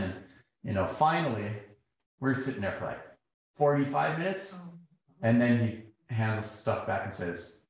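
A man's voice: on the low side, normal speed, pauses often. Man telling stories in an echoey hall. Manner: animated, acts out quoted exchanges. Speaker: speaker. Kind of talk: public talk with storytelling. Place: lecture hall.

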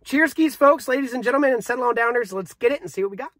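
A man's voice: extremely high pitch, rapid-fire, fairly bright tone, no room sound. A young man reviewing a vape in a casual, hyped, joking vlog, talking straight to his viewers.

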